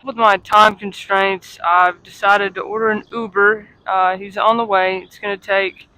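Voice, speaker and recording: A woman vlogging casually to her phone, chatty and self-deprecating, at times out of breath from walking fast outdoors in the cold. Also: mid-range voice, flat delivery, bright, forceful tone, low-quality recording. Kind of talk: casual travel vlog to camera. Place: outdoors on cold city streets.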